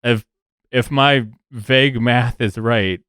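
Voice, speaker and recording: A man voicing Fergus, an earnest young prince, in a tabletop game, speaking in slow, questioning tones. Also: medium pitch, steady tone, a bit bright, clear, resonant tone, dry recording, clean studio sound.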